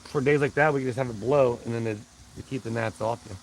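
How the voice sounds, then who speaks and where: A man's voice: medium pitch, quick pace, gravelly, slight background noise, rough recording. A man hosting a casual live stream, rambling along and greeting viewers by name. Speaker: livestream host.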